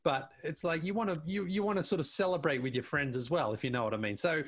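A man's voice: fairly high pitch, fast, a bit bright. A man talking casually as a podcast guest, repeating his words and acting out what others said. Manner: chatty, repeats words, acts out quoted speech. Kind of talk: casual conversation.

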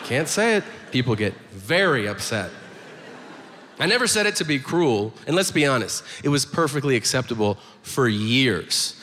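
A male stand-up comedian ranting through his routine and acting out little exchanges in quick put-on voices, recorded live in a comedy venue. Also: mid-range voice, very animated. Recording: live stage recording, hall reverb, audience noise.

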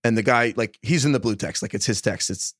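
A man co-hosting a podcast in casual chat, telling animated stories with lots of fillers. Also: lowish voice, brisk, no echo, studio quality. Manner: animated storyteller, many fillers. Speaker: podcast host.

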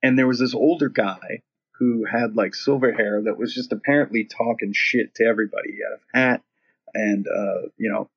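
Brief: husky-voiced man, animated, swearing storyteller, dull lo-fi sound. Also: lowish voice, moderate pace. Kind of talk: casual anecdote.

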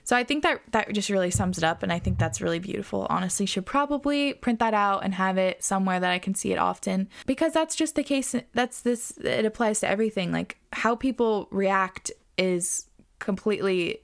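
A woman's voice: medium pitch, expressive, fairly quick, creaky. A young adult woman hosting a podcast alone, talking in a chatty, reflective way with lots of fillers. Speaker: podcast host. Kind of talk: casual solo podcast talk.

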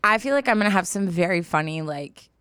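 A woman's voice: fairly low pitch, animated, quick pace, a bit bright, clean tone, dry recording, studio quality. A woman in her twenties co-hosting a podcast, chatting casually with many restarts and fillers. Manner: rambling, many restarts and likes. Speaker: podcast co-host. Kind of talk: casual chat.

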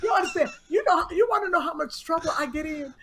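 A woman co-hosting a comedy podcast, teasing her partner loudly and playfully in casual chat. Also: extremely high pitch, expressive, fast, a little hiss or hum. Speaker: co-host.

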